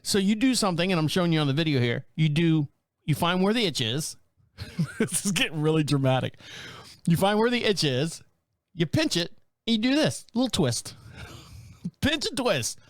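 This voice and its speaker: A man's voice: a little high, moderate pace, pauses often, dry recording, studio quality. A man in his fifties hosting a podcast, telling comedic stories in a casual, rambling way and laughing often. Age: 50s. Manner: animated, laughs often, acts out voices. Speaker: podcast host. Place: small rural town.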